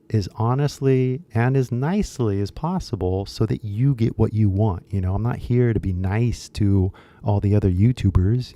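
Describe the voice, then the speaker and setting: Blunt Californian man with a gravelly voice. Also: medium pitch, mellow, no room sound. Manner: blunt, rambling, switches between Japanese and English. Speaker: English-teaching YouTuber. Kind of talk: casual talk to viewers.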